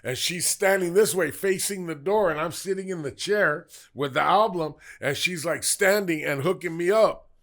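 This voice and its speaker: A high-pitched man tells a rough, rambling story full of swearing. He slips in and out of the voices of the people he quotes. It is loose, casual chat. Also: normal speed. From Southern California. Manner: profane, rambling, animated retelling with quoted voices. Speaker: podcast guest storyteller.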